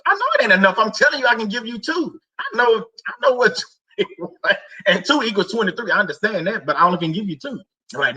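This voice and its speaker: A man's voice: high voice, expressive, fairly quick, sharp tone, lo-fi sound. A man hosting a faith livestream, chatting casually with viewers, joking, laughing often and using lots of slang and repetition. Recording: somewhat distant mic.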